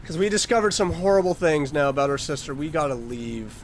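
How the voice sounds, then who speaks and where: Man, horror game commentary, lively voice that swings up and down, slightly high, faint background noise. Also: brisk. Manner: animated, talks to the game characters, yelps when startled. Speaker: let's-play host.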